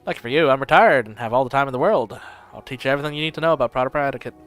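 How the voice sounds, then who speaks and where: A man's voice: medium pitch, racing, fairly bright tone, soft background music, close to an everyday voice. A man voicing a blustery, barking retired old nobleman who swears often. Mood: stern. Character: gruff loud old male noble, retired.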